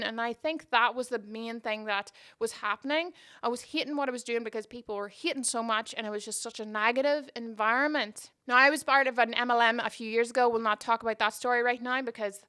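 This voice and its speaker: Brisk and with few pauses, this woman's voice is a little high, fairly bright, and clean. She hosts a casual podcast monologue on a close microphone, candid and reflective, restarting often. Her accent is mostly Canadian, with traces of her Northern Irish origins.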